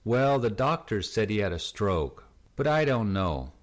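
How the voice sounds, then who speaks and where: A man voicing a worried middle-aged mother who speaks slowly and keeps her upset under control. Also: on the low side, sing-song. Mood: controlled worry. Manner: slow and controlled.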